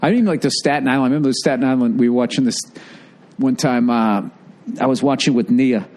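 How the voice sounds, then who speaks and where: A man's voice: medium pitch, fast talker, darkish tone. A man riffing and teasing in casual, profane podcast chat. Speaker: podcast co-host.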